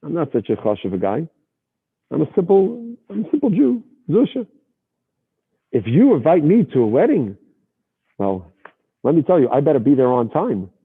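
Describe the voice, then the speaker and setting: A man's voice: a little high, very animated, normal speed, long pauses, breathy edge, full character voice. A man doing a humble old sage. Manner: self-effacing, earnest. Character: humble elderly Hasidic sage, gentle and modest. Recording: tinny phone-like line.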